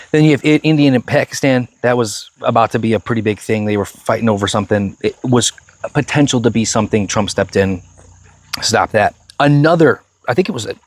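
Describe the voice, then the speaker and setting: A man's voice: mid-range voice, no room sound. A man co-hosting a casual current-events podcast, listing points eagerly with restarts. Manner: excited, lists points with restarts. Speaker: podcast co-host.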